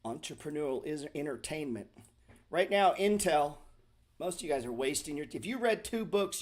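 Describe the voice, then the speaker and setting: Middle-aged male host, slightly higher voice, blunt, profane, sarcastic, unscripted market chat. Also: big pitch swings, normal speed. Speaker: stock market show host. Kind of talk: casual livestream talk.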